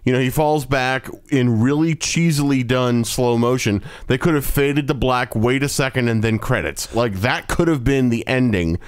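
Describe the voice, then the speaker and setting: A man's voice: mid-range voice, moderate pace, few pauses, smooth. A man co-hosting a casual movie podcast, ranting bluntly and swearing freely. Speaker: podcast co-host. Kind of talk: casual movie review chat.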